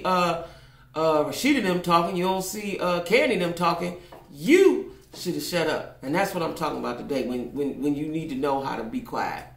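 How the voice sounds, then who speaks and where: A woman's voice: fairly low pitch, gravelly. An older woman giving blunt, profane commentary in a casual vlog, repeating herself for emphasis. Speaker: vlogger. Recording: echoey room.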